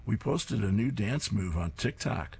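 A deadpan teenage boy, read aloud by a man talks in an unbothered way. The voice is deep and plain. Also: unhurried, creaky, slight background noise.

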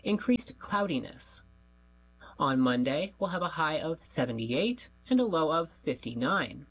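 A woman with a husky voice reading a weather forecast aloud for radio, steady and matter-of-fact. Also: low voice, unhurried, poor audio. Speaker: volunteer newspaper reader.

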